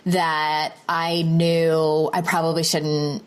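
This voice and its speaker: A woman's voice: deep voice, level tone, slow pace, a little hiss or hum. A woman hosting a podcast interview, chatting casually and responding openly to her guest. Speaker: podcast host.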